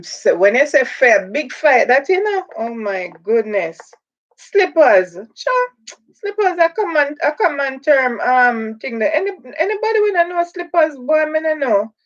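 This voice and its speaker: A woman's voice: fairly high pitch, animated, measured pace. A woman with a Jamaican accent hosting a casual livestream, reading viewer comments aloud and slipping into patois. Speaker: livestream host. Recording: dull lo-fi livestream audio.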